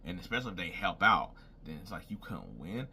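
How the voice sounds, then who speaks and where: A deep-voiced young man with big pitch swings and vocal fry talks fairly quickly in a bright, forceful tone, with a little hiss or hum. Making wrestling predictions in casual solo talk, he rambles, thinks aloud, and keeps saying "I was like."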